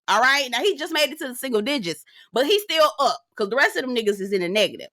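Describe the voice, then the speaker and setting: Sassy, lively woman recapping TV. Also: on the high side, fast, hardly any pauses, no room sound, clean studio sound. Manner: animated, sassy, profane, laughs often. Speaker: TV show reviewer. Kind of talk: casual reality TV recap.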